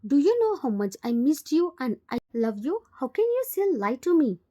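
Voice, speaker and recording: Woman doing a hurt 20 yr old girl, indian english accent, soft mellow higher voice. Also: big pitch swings, normal speed. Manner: hurt, accusing. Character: heartbroken twenty-year-old girl.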